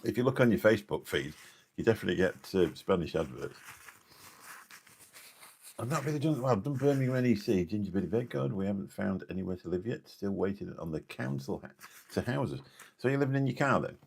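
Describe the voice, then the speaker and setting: A man's voice: lowish voice, expressive, quick pace, creaky, darkish tone, breathy edge. A man from Lincolnshire, chatting casually and jokily on a late-night live stream, rambling between viewers' comments. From Lincolnshire, England. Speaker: live streamer reading chat.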